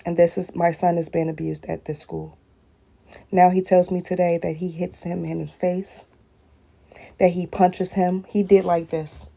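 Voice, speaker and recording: A woman's voice: fairly low pitch, gravelly, dark tone. A woman speaking straight to her viewers in a personal video blog, often addressing them directly and repeating short phrases.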